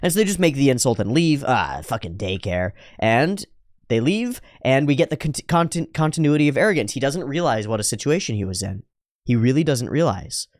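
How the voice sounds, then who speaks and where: A man's voice: mid-range voice, sing-song, a little fast, no room sound, studio quality. A man reacting to an anime episode in casual, profane commentary, often acting out the characters' lines in mocking voices.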